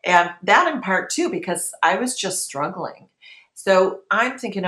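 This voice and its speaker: A woman's voice: medium pitch, animated, measured pace, a bit bright, reverberant. A woman in her thirties telling her own story in an interview, candid and emotional, often acting out what she thought at the time. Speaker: guest.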